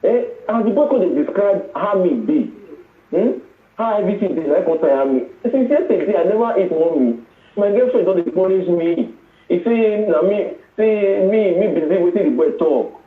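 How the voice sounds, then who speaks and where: A distressed man with a Nigerian accent pours out his trouble in a pleading, high voice. He comes through a tinny phone line, heard in an echoey room. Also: expressive, normal speed. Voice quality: upset, pleading. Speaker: caller. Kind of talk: phone-in counselling talk.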